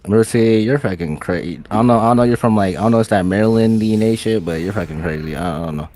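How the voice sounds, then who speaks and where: A low-voiced man chatting casually with a group. He is blunt and swears freely, often trailing off. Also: fast talker, a little mellow. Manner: profane and blunt. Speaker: panelist. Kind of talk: casual chat.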